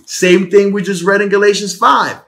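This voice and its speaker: A man preaching and teaching the Bible casually into a phone at home, animated and repetitive, often restarting words. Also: high-pitched, moderate pace, creaky. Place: home bedroom.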